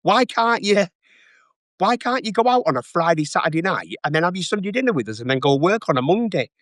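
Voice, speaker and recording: Brief: a man putting on an exasperated mother, pitched up, scolding her son. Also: sing-song, brisk, fairly bright tone, no room sound, clean studio sound.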